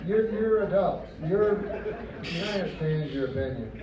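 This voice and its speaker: A man doing a stand-up comedy set on a club stage, talking in a deadpan, rambling way with mock-earnest quoted voices. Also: high-pitched, moderate pace, distant mic. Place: comedy club stage before a live audience. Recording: roomy, muffled club recording from afar. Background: audience laughter and crowd noise.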